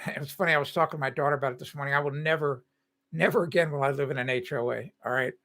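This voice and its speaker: Rambling older man, bright voice. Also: a little high, steady tone, racing. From Cincinnati, Ohio. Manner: rambling, chuckling often, many fillers. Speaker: host of a home-building livestream. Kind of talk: casual livestream chat. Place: home, indoors.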